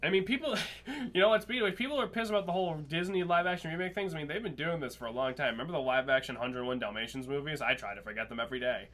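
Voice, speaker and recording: A man's voice: on the high side, fast talker, hardly any pauses, fairly bright tone. A young man playing a game on a let's play, chatting in a wry, laid-back way and swearing freely. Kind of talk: casual chat over gameplay.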